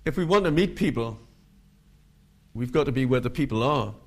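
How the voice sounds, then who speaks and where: Animated preacher man. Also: medium pitch, moderate pace. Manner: animated, acts out quoted voices. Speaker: street preacher. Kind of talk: sermon with storytelling.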